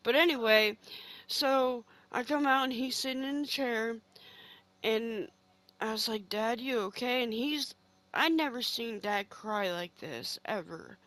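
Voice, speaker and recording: A woman's voice: on the high side, measured pace, fairly bright tone, no echo, rough recording. A middle-aged woman streaming a game from her home game room, telling a long story in a heated, profane, rambling way. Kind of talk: casual storytelling chat while gaming.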